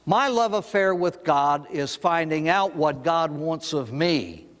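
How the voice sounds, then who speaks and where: A man's voice: a little high, slow, in a large hall. An older man, a priest, giving a recovery talk to an audience, telling stories and asking rhetorical questions. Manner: storytelling, animated, with rhetorical questions.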